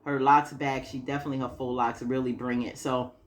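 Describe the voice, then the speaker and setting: A woman's voice: very deep voice, little pitch movement, a little fast. Chatty woman recapping a TV episode. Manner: chatty, acts out characters' lines, frequent laughs. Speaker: TV recap vlogger.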